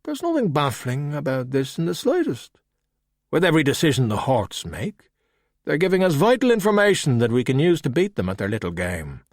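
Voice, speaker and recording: Skulduggery Pleasant, voiced by a man, wry and husky. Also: fairly high pitch, huge pitch swings, dry recording, pitched above the performer's own voice, heavily acted. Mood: calm, wry. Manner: measured, wry and unhurried. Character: dry witty skeleton detective, male, calm. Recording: dry close audiobook recording.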